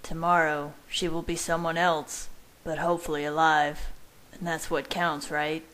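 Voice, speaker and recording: A woman voicing an awkward, falsely cheerful young man in a fan fiction reading, quick and casual. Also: low-pitched, level tone, a bit bright.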